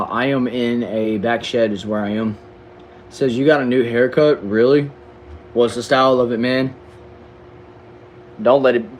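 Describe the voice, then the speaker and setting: A man's voice: on the low side, a little mellow, slight background noise, rough recording. A young man with a Southern accent from Texas, casually reading viewers' comments on a livestream in a slangy, laid-back way, often stumbling over and repeating words. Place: back shed.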